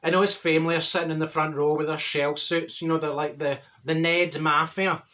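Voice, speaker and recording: A man's voice: a little high, level tone, a little fast, bright, forceful tone. A man playing a brash, straight-talking middle-aged Glaswegian woman who tells a rambling comic story full of mixed-up sayings. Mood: gossipy. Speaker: comic character monologue. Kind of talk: comedic character monologue.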